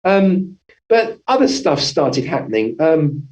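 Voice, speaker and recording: A man's voice: fairly high pitch, very animated, takes it slowly, darkish tone, rough recording. A man, a family physician, telling his story as an interview guest, rambling with many restarts and self-corrections.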